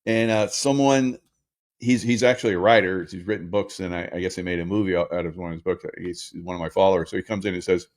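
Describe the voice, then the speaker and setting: A man's voice: low-pitched, fairly even intonation, fast. A man in his sixties hosting a casual commentary monologue, rambling with many fillers and restarts. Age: 60s. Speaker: host.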